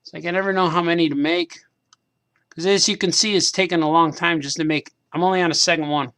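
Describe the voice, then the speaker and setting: Fast and fairly even in intonation, his voice sits on the high side and sounds clean and a bit bright. A cartoonist hosting a craft stream, he rambles to himself over his toy figure painting, repeating phrases and laughing at himself.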